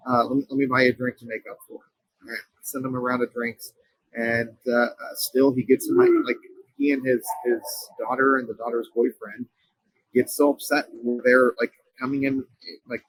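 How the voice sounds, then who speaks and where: A man, a company co-founder, speaking as an interview guest and telling a personal story in an earnest, halting way with frequent restarts. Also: medium pitch, a bit bright, husky, rough recording.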